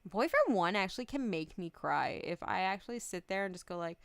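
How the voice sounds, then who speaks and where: A woman's voice: medium pitch, sing-song, fairly quick, few pauses, clear, resonant tone, no echo, studio quality. A young adult woman streamer chatting casually, rambling, giggling often and swearing freely. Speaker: VTuber streamer.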